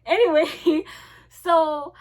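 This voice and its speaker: A young woman, telling a casual storytime vlog. She swings between hushed and loud. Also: very high-pitched, fairly even intonation, very slow. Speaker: vlogger.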